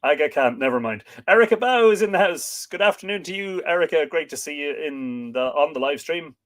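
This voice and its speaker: An Irish man hosts a casual livestream, reading viewer comments one at a time, greeting each person by name, adding small remarks, and pausing on frequent fillers. His voice is a little high, expressive, and a bit bright, and a dog barks at times.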